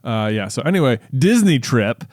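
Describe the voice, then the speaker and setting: A man's voice: medium pitch, sing-song, moderate pace, a little mellow. A man in his thirties co-hosting a podcast, telling stories in an easygoing casual way with fillers. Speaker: podcast co-host. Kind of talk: casual chat.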